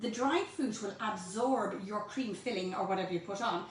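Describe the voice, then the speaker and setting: A woman's voice: mid-range voice, normal speed, very echoey, recorded from a distance, slight background noise. An Irish woman teaching a home baking class, chatty and playful, talking straight to her viewers. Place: home kitchen.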